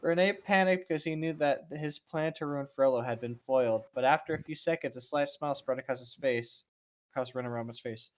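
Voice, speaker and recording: Comedy co-host reading aloud, mid pitch, muffled lo-fi recording. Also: brisk. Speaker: podcast co-host. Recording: dull lo-fi sound.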